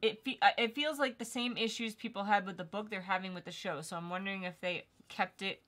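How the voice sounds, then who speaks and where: A woman's voice: mid-range voice, a little fast, a bit bright. A young woman co-hosting a live stream, chatting casually and teasing her co-host. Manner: chatty, teasing, laughs easily. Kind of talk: casual chat.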